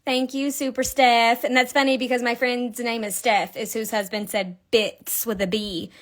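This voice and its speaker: On a live stream, a crochet teacher with a Kentucky accent chats, giggles and tells stories while she works through a casual lesson. She has a fairly high, fairly bright voice with fairly even intonation and a moderate pace.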